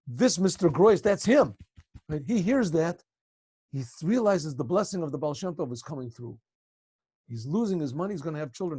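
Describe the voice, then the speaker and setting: A male rabbi telling a story to a class over a video call, conversational and often clearing his throat. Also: sits high, sing-song, moderate pace, a little mellow, no room sound.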